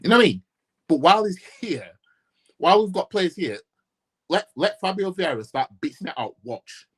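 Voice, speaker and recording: A man's voice: high-pitched, sing-song, a little fast, husky. A man from Yorkshire ranting in a casual football fan vlog, blunt and profane, repeating himself and firing off rhetorical questions. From Yorkshire, England.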